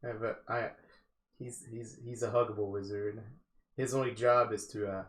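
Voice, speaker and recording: 笑い混じりに冗談を言う男性、反響する部屋. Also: male voice, on the low side, little pitch movement, normal speed, echoey room. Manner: joking, laughs often, restarts. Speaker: wargame player and streamer. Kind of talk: casual banter over a tabletop game.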